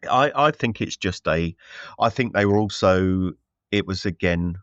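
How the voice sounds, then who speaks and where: A man's voice: low-pitched, measured pace, clear, resonant tone, no echo, muffled recording. A man co-hosting a casual film review chat, rambling with many fillers and restarts. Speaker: podcast co-host.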